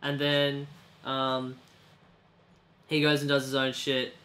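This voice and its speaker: A man's voice: mid-range voice, monotone, takes it slowly, fairly bright tone. A young man retelling a movie plot in casual chat, rambling and acting out characters in silly voices. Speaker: podcast co-host.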